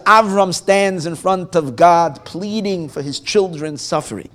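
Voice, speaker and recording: At an informal evening gathering, in a room with a guitar nearby, a man who is a rabbi tells a story at a moderate pace in a voice on the high side. He is animated, voicing the story's characters and delivering their lines with feeling.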